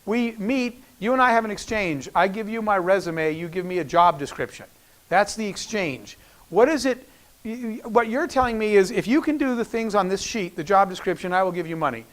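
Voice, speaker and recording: A man's voice: high-pitched, expressive, fairly quick. A middle-aged man giving a storytelling business talk, acting out the dialogue he quotes. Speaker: keynote speaker.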